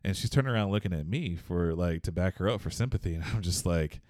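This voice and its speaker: A man's voice: low-pitched, fast, darkish tone, no echo, studio quality. A man from Texas, telling a story in a casual podcast chat, rambling with many fillers and restarts.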